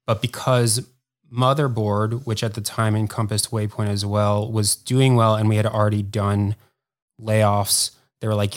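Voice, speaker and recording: Low-pitched male podcast guest, rambling casual storyteller. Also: little pitch movement. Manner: rambling, heavy use of "like", quick bursts. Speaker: podcast guest, former editor.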